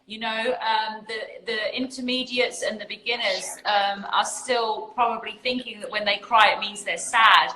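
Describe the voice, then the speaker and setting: Woman host, bright and emphatic, casual livestream chat, echo in the room. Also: medium pitch, moderate pace, few pauses. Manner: emphatic, laughing, animated. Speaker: spiritual community host.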